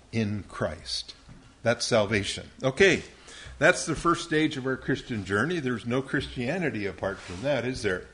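A man's voice: mid-range voice, a bit bright. A man teaching a Bible lesson to young listeners, quizzing them patiently and calling on them by name.

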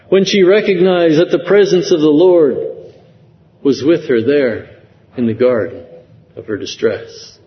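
Slow, earnest preacher in a reverberant hall. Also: male voice, a little high, a little hiss or hum. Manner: slow, earnest preaching with rising emotional emphasis. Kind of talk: sermon. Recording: dull lo-fi sound with long hall reverb.

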